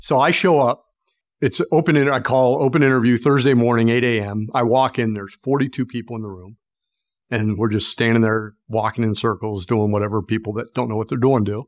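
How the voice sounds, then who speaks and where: A man's voice: mid-range voice, steady tone, a little fast, dry recording, studio quality. A middle-aged man from Pennsylvania, a sales expert telling a long story in an interview and acting out the people in it.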